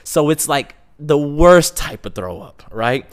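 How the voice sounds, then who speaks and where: Animated young man telling a funny story. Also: fairly high pitch, measured pace, smooth. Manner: animated, self-mocking, acts out quotes. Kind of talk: casual comic storytelling.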